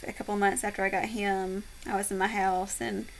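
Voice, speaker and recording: A young-sounding woman speaks softly and haltingly to her camera, full of fillers and little pauses, with a gravelly fry and a flat, even pitch. A faint hiss sits under her voice. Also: rough recording. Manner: soft-spoken, halting with many fillers. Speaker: vlogger. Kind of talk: casual heartfelt talk to camera.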